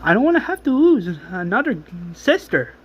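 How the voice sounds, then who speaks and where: A man voicing a grieving young man who pleads with his sister, emotional and halting. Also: extremely high pitch, very animated, pitched above the performer's own voice, heavily acted. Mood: pleading.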